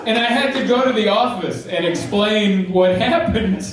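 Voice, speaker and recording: A male stand-up comedian tells his story with animated energy, slightly high in pitch. The sound is heavily echoing, caught from a distance off the stage. An audience laughs and reacts behind him. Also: normal speed, over a noisy crowd. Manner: animated storytelling, acting out scenes.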